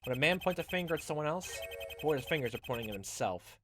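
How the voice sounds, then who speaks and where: A man voicing a confident young male defense attorney, accusing a witness in a forceful courtroom manner, over game music. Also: a little high, lively intonation, fast talker, background noise, voice pushed up, lightly acted.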